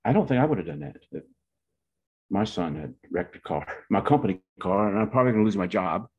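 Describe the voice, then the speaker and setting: A man from Pawnee, Oklahoma, in his 70s, recounts a meandering, folksy family story, fixing his words as he goes. His low voice is animated and quick, with a breathy edge. It comes through a dull, lo-fi recording.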